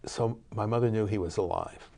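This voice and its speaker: An older man telling a family story in a relaxed interview, with many fillers and restarts. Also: lowish voice, a little fast. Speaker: interview guest, cinematography professor.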